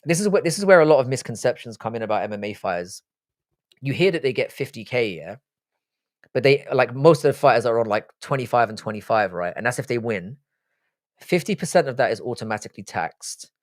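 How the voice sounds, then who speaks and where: A man's voice: mid-range voice, lively intonation, brisk. Profane, joking man hosting a stream. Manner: blunt, profane, joking banter. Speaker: livestream host. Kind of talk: casual live-stream chat reacting to viewer comments.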